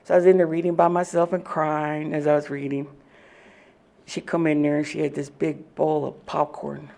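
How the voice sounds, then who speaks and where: A woman giving an animated personal testimony at a recovery meeting, laughing often as she tells it. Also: low-pitched, moderate pace, gravelly. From Oklahoma.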